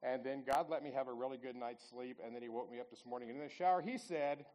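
A man's voice: medium pitch, fast, a little mellow, rough recording. 60-something guy telling a church crowd homey stories, keeps asking them stuff. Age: 60s. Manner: folksy, chatty, asks the audience questions. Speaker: lay speaker giving a church talk. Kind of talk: storytelling testimony talk.

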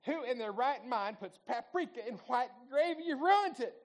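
A man putting on the voice of his indignant Southern wife, loud and shocked as she scolds him with a Southern accent. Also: extremely high pitch, animated, normal speed, pitched above the performer's own voice. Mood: outraged.

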